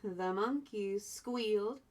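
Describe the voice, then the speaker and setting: A woman teacher reading a picture book aloud to young children, chatty, pausing to add asides and explain words. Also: mid-range voice, a little mellow, slight background noise.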